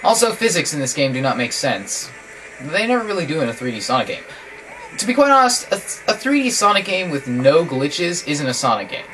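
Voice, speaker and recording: A man casually commentating while he plays a video game, chatty and joking with sudden excited yelps. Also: a little high, brisk. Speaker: guest player commentating. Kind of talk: casual let's-play commentary. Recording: from a distance with game music behind.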